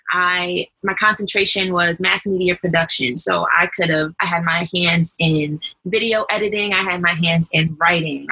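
A woman's voice: lowish voice, gravelly, sharp tone, slightly rough, poor audio. A woman in her twenties from New York, with a light New York accent, chatting as a podcast guest and telling her stories with many fillers. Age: 20s. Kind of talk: casual chat.

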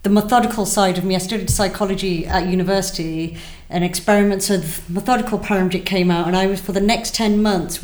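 A woman, a gin distillery co-founder, explaining the process in a steady, methodical way. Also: mid-range voice. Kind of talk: explanatory conversation. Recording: echoey room.

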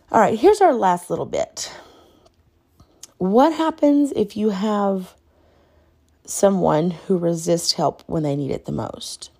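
Woman podcast host, calm instructional delivery, warm low-key tone with some vocal fry, conversational asides. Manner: conversational, often ends points with "right?"; calm, repeats key points. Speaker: podcast host teaching caregivers.

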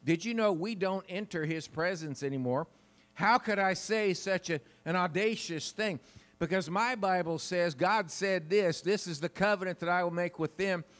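A man's voice: sits high, normal speed, a bit bright. A man preaching a sermon into a wireless mic in a church, in a chatty, folksy way and laughing often. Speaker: pastor. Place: church sanctuary. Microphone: wireless handheld mic.

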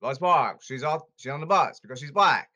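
A man's voice: a little high, expressive, a little fast, pushed and bright, lo-fi sound. A man delivering an angry, repetitive rant to the camera. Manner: repetitive, emphatic, angry outbursts. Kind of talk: ranting monologue.

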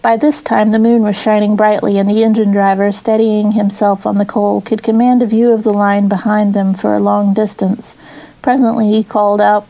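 A woman reading a children's classic aloud with an even, expressive delivery. Her voice is warm and mellow, sitting at a middle pitch. The narration is steady and clear. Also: moderate pace, dull audio. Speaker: audiobook narrator. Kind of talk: storybook narration.

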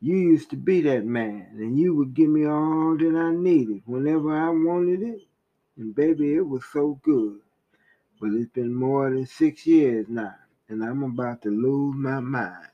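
A man reading as a lonely wife, tender and pleading in a slow, unhurried delivery. The recording sounds dull and lo-fi. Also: mid-range voice, natural voice. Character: lonely wife writing a farewell letter.

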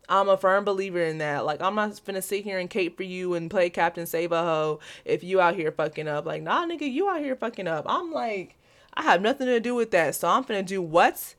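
A young adult woman hosting a solo podcast, ranting bluntly and profanely with constant "like" fillers. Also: mid-range voice. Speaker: podcast host. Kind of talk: casual solo podcast rant.

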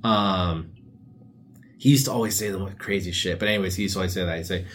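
A man's voice: low-pitched, fast talker, fairly bright tone, a little hiss or hum. A young man hosting a casual solo podcast, rambling through laid-back stories full of slang and asides. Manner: often drops into silly put-on voices for quotes. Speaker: podcast host.

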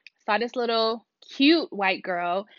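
Speaking a little slowly in a slightly high voice, a woman tells her viewers a rambling, animated story in a casual vlog, voicing the dialogue. The sound is dry, dull, and lo-fi.

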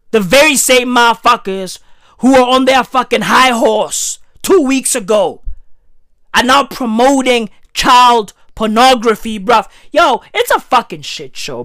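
A high-pitched woman rants in a sarcastic, profane commentary, her voice swinging widely as she gets worked up. The sound is close and dry, with no room around it. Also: lively intonation, slow pace, no room sound. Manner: sarcastic, heated, swears constantly; shouts at times.

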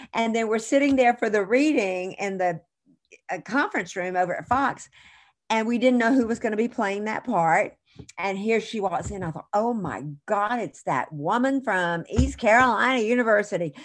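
A middle-aged woman guest in an interview, telling chatty, animated anecdotes with frequent restarts. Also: mid-range voice. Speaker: actress guest. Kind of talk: casual interview storytelling.

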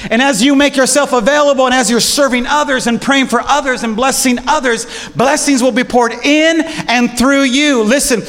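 High-voiced preacher in a reverberant hall. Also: male voice, moderate pace, hardly any pauses. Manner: casual slang, animated storytelling. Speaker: pastor. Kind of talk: sermon.

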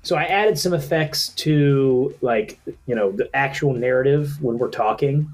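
A man's voice: medium pitch, a little slow, darkish tone, faint music behind. A man co-hosting a casual comedy podcast, rambling with restarts and laughing often. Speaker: podcast co-host and editor.

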